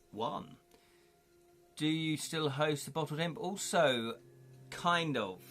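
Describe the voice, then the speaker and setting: A man's voice: on the high side, slow pace, long pauses, fairly bright tone. A jovial man hosting a live stream, narrating an interactive game story and chatting with viewers. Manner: jovial, chatty, reads chat aloud. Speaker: streamer running an interactive gamebook.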